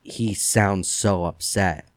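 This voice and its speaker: A man's voice: deep voice, slow, dry recording. A man hosting a casual true-crime podcast, retelling the case loosely with lots of "like" fillers. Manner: relaxed storyteller with many "like" fillers. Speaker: podcast host.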